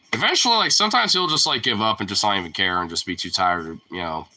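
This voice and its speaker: A young man rambling casually to his dog at home, profane and teasing, jumping into a high squeaky voice to call the pet. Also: lively intonation, a little fast, pushed and bright. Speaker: vlogger talking to his dog. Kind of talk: casual chat.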